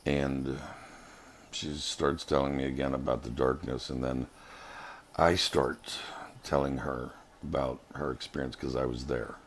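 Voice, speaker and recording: A man with a very deep, flat voice tells a personal spiritual story. He speaks slowly, in an earnest and halting way, like a vlogger giving his testimony. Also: a little hiss or hum.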